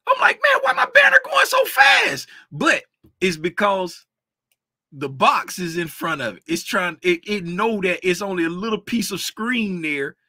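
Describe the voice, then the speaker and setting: On a laid-back livestream, a man talks trading with his viewers in a loose way, addressing chat and drifting off track. He has a high-pitched, sharp voice, captured with no echo.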